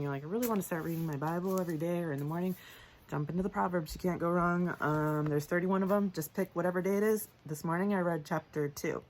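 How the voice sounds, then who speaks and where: A woman's voice: sits low, fairly bright tone, a little hiss or hum, rough recording. A woman tutor giving a casual, upbeat grammar lesson, often correcting herself as she goes. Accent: Southern American. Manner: chatty, upbeat, self-correcting. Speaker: homeschool tutor. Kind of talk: recorded grammar lesson with scripture reading.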